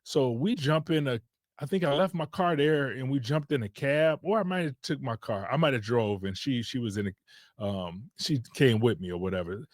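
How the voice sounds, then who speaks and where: A man's voice: medium pitch, animated, normal speed, dry recording, clean studio sound. A man from Detroit, a podcast host, telling a casual rambling story with loose restarts.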